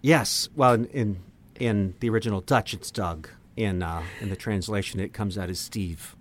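Man, podcast co-host, deadpan, lowish voice, playful riffing. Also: normal speed. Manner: deadpan, riffing on made-up bits. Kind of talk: casual comedic chat.

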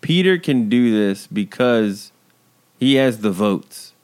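A man's voice: medium pitch, lively intonation, slow, darkish tone, clean tone. A man chatting on a recap podcast who breaks down the plot with blunt wisecracks. He swears freely and keeps an offhand tone. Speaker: podcast co-host. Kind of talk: casual TV recap chat.

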